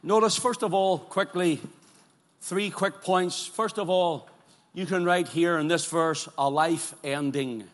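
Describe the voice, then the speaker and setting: A man preaching a sermon, moving between loud fervent declarations and quiet, pleading questions to his listeners. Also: a little high, slow. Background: congregation present, also streamed live.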